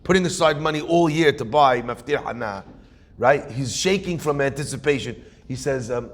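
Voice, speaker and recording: A rabbi telling a story in a sermon, animated, acting out characters with punchy asides. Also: male voice, medium pitch, normal speed.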